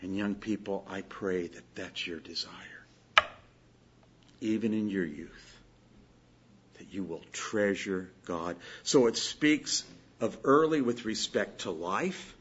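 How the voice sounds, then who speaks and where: A man preaching a sermon as a pastor, pleading with his listeners and swinging between loud exhortation and quiet storytelling. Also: lowish voice, slow pace, lo-fi sound, slight background noise.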